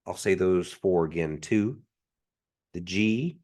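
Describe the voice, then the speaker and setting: Man, teacher, deep voice, unhurried drill, repeats each sound. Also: muffled recording. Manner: slow, patient, repeats each sound three times. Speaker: language teacher. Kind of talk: pronunciation drill in a class. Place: classroom.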